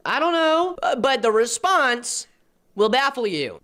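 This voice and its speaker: A woman's voice: sits high, very animated, measured pace, a bit bright. Sarcastic American woman commentator. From United States. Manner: sarcastic, mocking asides. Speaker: commentary YouTuber. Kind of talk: scripted commentary narration.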